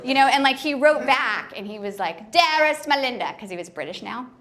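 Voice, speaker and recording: Stand-up comedian, woman, slightly high voice, chatty self-deprecating storyteller with lots of "like". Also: lively intonation, a little fast, fairly bright tone. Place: comedy club stage.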